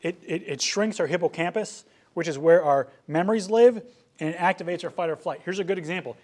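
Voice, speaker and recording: A young man preaching a sermon to young adults, animated and joking, with frequent storytelling asides. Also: sits high, fairly quick. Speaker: youth pastor.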